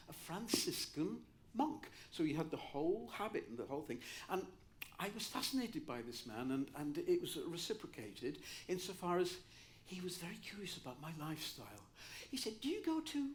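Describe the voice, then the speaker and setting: An older Welsh man telling comic anecdotes on stage in an animated, theatrical manner. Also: on the high side, slight background noise. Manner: animated, theatrical, lively delivery. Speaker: cabaret raconteur.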